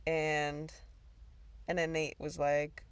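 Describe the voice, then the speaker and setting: This talk show host speaks slowly in a low, monotone voice with a clean tone and no echo. She rambles through a personal story, cursing and laughing in sudden bursts.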